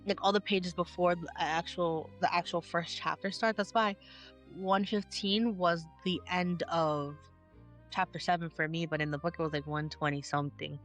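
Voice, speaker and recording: A woman co-hosting a book club podcast, chatting casually and retelling scenes with lively quoted lines. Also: on the low side, moderate pace, soft background music. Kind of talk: casual chat.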